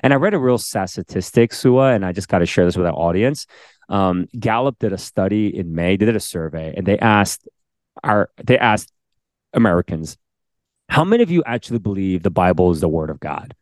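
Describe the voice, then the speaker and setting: A man co-hosting a casual faith podcast, excitable and animated, urging his listeners on. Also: low-pitched, brisk, no echo, studio quality. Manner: animated, excitable, exhorting the audience. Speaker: podcast co-host.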